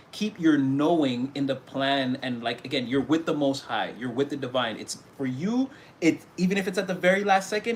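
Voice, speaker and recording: A man's voice: mid-range voice, a little hiss or hum. A man giving a casual tarot reading, talking animatedly and acting out little scenes, often breaking into laughter. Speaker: tarot reader.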